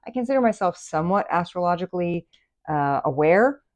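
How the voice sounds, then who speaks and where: A woman's voice: fairly low pitch, fairly quick. A woman giving a chatty, casual tarot reading, full of fillers and exclamations. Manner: chatty, animated, many fillers. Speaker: tarot reader.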